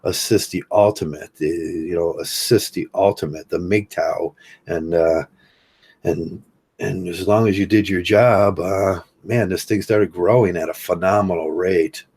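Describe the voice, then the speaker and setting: An older man hosting a livestream, talking casually in a rambling, halting way with many fillers while he reads chat comments. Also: low-pitched, fairly even intonation, a little mellow, slightly rough. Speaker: livestream host.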